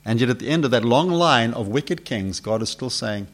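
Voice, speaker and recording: A man preaching a sermon who asks the congregation questions and swings between loud build-ups and hushed lines. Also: mid-range voice, lively intonation, moderate pace, hardly any pauses.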